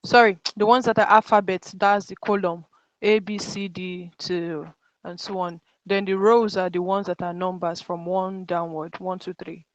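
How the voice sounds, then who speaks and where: A woman's voice: on the low side, little pitch movement, moderate pace, no room sound. A woman student answering a question over a video call, hesitant and correcting herself mid-answer. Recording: dull dry call audio.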